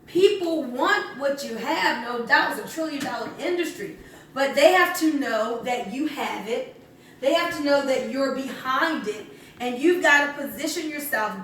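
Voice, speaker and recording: A woman's voice: high voice, fairly bright tone, slight background noise. A woman presenting at a home sales meeting, coaching the group in an upbeat, coaxing way and quizzing them. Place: living room at a home meeting. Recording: echoey room, voice from far off.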